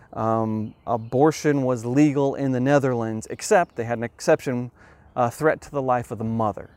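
A man's voice: mid-range voice, darkish tone. Earnest man explaining science. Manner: earnest, emphatic, with measured pauses.

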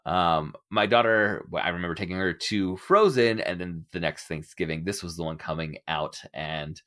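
A middle-aged man hosting a casual podcast discussion, animated and laughing often as he acts out quotes. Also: low-pitched, normal speed. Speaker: podcast host.

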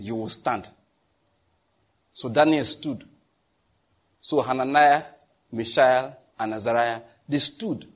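A man preaching a sermon, talking to his listeners in an animated way, laughing often and asking them questions. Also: medium pitch, husky. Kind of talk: sermon teaching.

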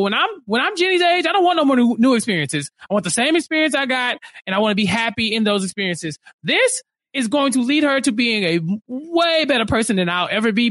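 A man's voice: extremely high pitch, a bit bright, no echo. A man co-hosting a podcast, ranting in an exasperated, exclamatory way during a casual reality-show recap over a video call. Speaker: podcast co-host.

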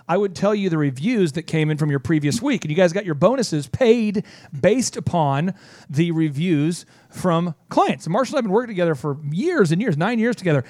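A man hosting a business talk show, bantering loudly and slipping into mock voices for comic bits. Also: high voice, dry recording, clean studio sound. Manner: animated, jokey, switches into mock voices. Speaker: show host and business coach.

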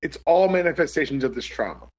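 Podcast host, male, husky and emphatic, casual and joking. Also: on the high side, lively intonation, fast talker, darkish tone.

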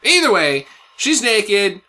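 A man's voice: very animated, slow pace, sharp tone. A young man hosting a podcast, recapping a movie in casual, sarcastic, rambling chat with some swearing. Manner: sarcastic, rambling, swears, voice jumps high when worked up. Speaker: podcast host.

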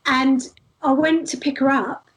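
Woman, high voice, chatty anecdotal interview guest. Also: unhurried. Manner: chatty, animated anecdotes with frequent restarts. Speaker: street performer guest. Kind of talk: casual interview storytelling.

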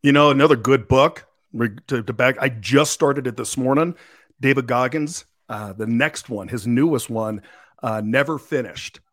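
A man's voice: mid-range voice, normal speed, fairly bright tone. A man, a real estate agent guest on a podcast, chatting casually and energetically, often repeating words.

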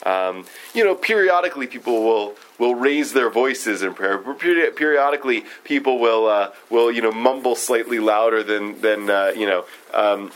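A man leading a casual study group discussion, talking in a halting way with many fillers and restarts. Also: mid-range voice, fairly bright tone, poor audio. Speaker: discussion leader.

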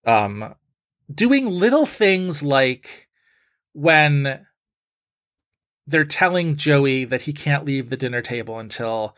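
A man's voice: on the high side, very animated, takes it slowly, pauses often, fairly bright tone. A young man co-hosting a casual film podcast, talking in a rambling way with lots of fillers. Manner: chatty, rambling with many fillers. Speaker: podcast co-host.

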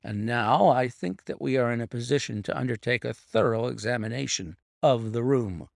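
A man reading an audiobook voices a sharp, composed detective in a measured, authoritative manner. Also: mid-range voice, vocal fry, no room sound, clean studio sound, natural voice. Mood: assured. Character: sharp, composed male detective, middle-aged.

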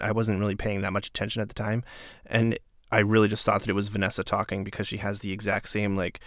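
A man recapping a reality show episode in casual, opinionated commentary, with sarcastic and animated asides. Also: lowish voice, vocal fry, no echo, studio quality.

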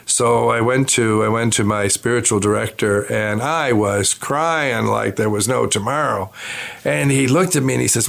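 A man's voice: medium pitch, moderate pace, gravelly, fairly bright tone. An older man, a bishop, telling a personal story in a chatty way, with many fillers and restarts. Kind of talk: anecdotal storytelling.

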